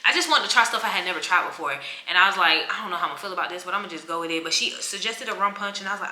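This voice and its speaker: Bright-voiced woman venting a travel story. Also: fairly low pitch, rapid-fire, hardly any pauses, roomy sound. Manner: animated, acts out quotes, vents with attitude. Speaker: travel vlogger. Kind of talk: casual storytelling vlog.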